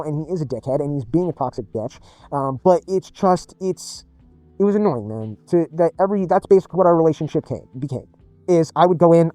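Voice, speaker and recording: A man's voice: fairly high pitch, mellow, no echo. A man telling a rambling personal story in blunt, profane, casual speech as a gaming video creator.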